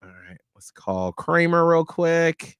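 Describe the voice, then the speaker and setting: A man in his late thirties hosting a podcast, easygoing and quick to laugh. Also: fairly high pitch, expressive, fairly bright tone, clear, resonant tone, no room sound, clean studio sound. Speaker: podcast host. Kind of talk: casual chat.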